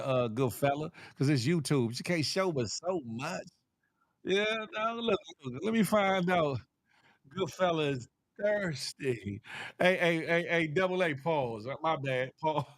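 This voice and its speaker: A man's voice: on the high side, no echo, studio quality. A man hosting a casual livestream, reading the chat aloud and teasing viewers with a playful, laughing manner.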